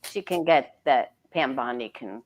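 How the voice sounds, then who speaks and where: A woman's voice: rumbling low, expressive, a little slow. A woman reading tarot on a livestream, chatting emphatically and repeating phrases for effect. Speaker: tarot reader, co-host. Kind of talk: casual live-stream chat.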